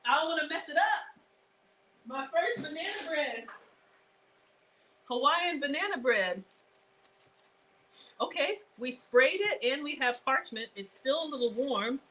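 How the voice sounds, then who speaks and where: A woman hosting a live cooking stream, chatty and excitable, talking straight to her viewers. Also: sits high, a little slow, pauses often, slight background noise, rough recording. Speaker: cooking show host.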